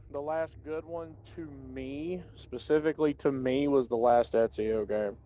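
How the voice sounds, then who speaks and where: A man's voice: fairly high pitch, lively intonation, measured pace, warm tone, highs cut off, slight background noise. A man player chatting casually about video games at a tabletop session, with wry, opinionated banter.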